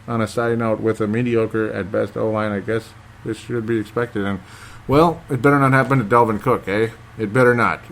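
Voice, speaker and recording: A man's voice: lowish voice, slight background noise. A man hosting a casual sports podcast, reading listener comments aloud and reacting in a rambling way. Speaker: podcast host.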